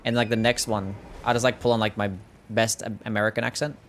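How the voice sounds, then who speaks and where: A man's voice: lowish voice, flat delivery, fast talker, a little hiss or hum. A young Australian man with an Australian accent, giving casual gameplay commentary, laid-back and swearing freely as he answers chat. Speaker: game streamer.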